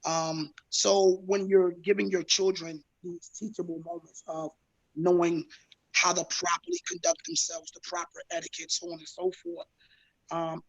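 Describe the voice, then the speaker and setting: A man, a coach on a panel, asking measured, probing questions. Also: high voice, gravelly, fairly bright tone, rough recording. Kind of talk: panel discussion.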